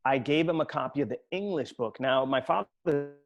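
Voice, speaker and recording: A man, an author from Sweden, tells a personal story at an online book talk in a reflective, halting way, often restarting his sentences. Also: a little high, lo-fi sound.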